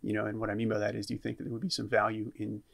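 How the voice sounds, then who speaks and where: A man's voice: lowish voice, completely flat delivery, very fast, gravelly. A man interviewing a guest, asking long, probing questions in a casual conversation.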